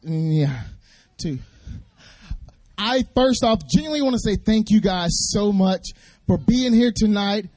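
A man speaking as a guest at a church service, telling a Bible story in a fast, playful way and drawing responses from the audience. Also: sits high, expressive, a little mellow, no room sound.

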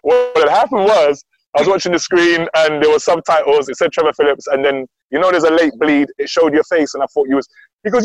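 Guest, male, animated storyteller, slightly high voice, dull dry recording. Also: fast talker, dry recording. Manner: lively, acts out quoted dialogue.

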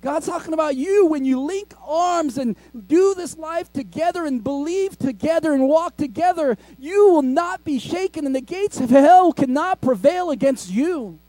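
A pastor preaching in a high, mellow voice, recorded dry and close. He keeps it conversational and jokes with the congregation, laughing at his own asides. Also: animated, normal speed, few pauses, no room sound. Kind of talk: sermon. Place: school cafetorium used as a church.

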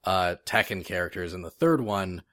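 A man's voice: low voice, moderate pace, fairly bright tone, no echo. A man co-hosting a gaming podcast in casual chat, enthusiastic, with many fillers and frequent laughs. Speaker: podcast co-host.

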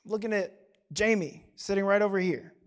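A young adult pastor preaching a sermon in a church service, talking casually and then building to impassioned shouting. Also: medium pitch, fairly even intonation, normal speed.

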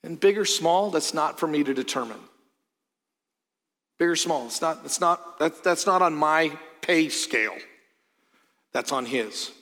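A middle-aged man delivers a sermon from the pulpit in a fairly high voice. He is earnest, swinging from loud, emphatic peaks to quiet, low asides. His words ring out with a long reverb across the church sanctuary. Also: animated, measured pace, pauses often. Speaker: pastor.

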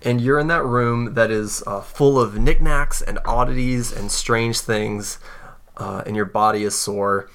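A man's voice: mid-range voice, unhurried, a bit bright. A man narrating a tabletop game as game master, casual and full of fillers.

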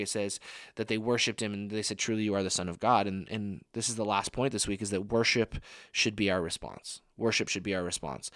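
A man's voice: fairly low pitch, a bit bright, no echo. Man preaching casually, dry close sound. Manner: conversational, many "like" fillers. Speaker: young adult ministry speaker. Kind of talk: casual sermon.

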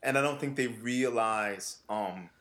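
A man co-hosting a relaxed conversation, talking with lots of animation and frequent laughter. He drops into brief mimicry of other voices as he tells stories. His delivery is loose and expressive. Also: medium pitch, a little slow. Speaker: podcast co-host and vocal coach. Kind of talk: casual chat.

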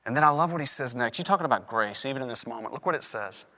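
A male pastor preaching an animated sermon, acting out the voices of the people he quotes. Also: medium pitch, racing. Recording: reverberant hall.

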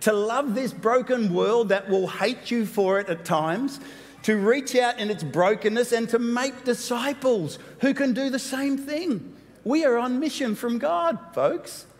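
A man preaching a sermon as pastor, animated and playful, with quick asides. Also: very high voice. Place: church hall. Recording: long hall reverb.

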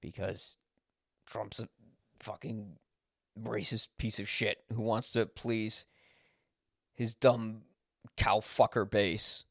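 A man's voice: lowish voice, level tone, slow pace, gravelly, pauses often, fairly bright tone, no echo, clean studio sound. A man hosting a podcast, speaking an unscripted personal monologue, blunt, swearing when angry and correcting himself as he goes. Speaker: podcast host.

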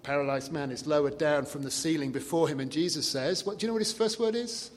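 A man preaching a sermon in a conversational way, dropping soft and low to quote scripture. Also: fast, hardly any pauses. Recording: long reverb of a large hall.

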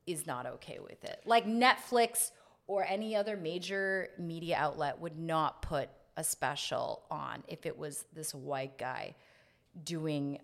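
Frank, laughing woman comic. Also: on the low side. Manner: frank, laughs loudly, quick back-and-forth. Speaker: stand-up comic, guest. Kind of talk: casual podcast conversation.

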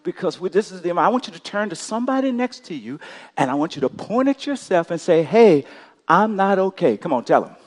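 A man's voice: sits high, big pitch swings, fast talker. A male pastor delivering a sermon, leading the congregation in call-and-response, his volume swelling and dropping. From Texas. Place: large church sanctuary. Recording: long hall reverb.

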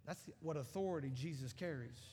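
A man preaching a sermon in a large church auditorium, animated and emphatic, building to loud peaks. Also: a little high, brisk, slightly rough. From United States. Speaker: guest preacher. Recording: long reverb of a large hall.

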